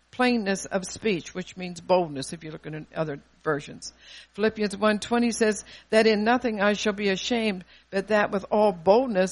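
An older preacher gives a sermon at a mid-range pitch, emphatic and insistent. The delivery mixes scripture readings with pointed rhetorical questions to the listeners.

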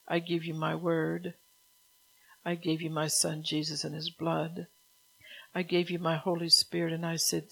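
A woman's voice: deep voice, creaky, breathy edge, low-quality recording. A woman preaching a sermon. She relays God's words in the first person, reads out Bible verses and drops into casual asides to the congregation.

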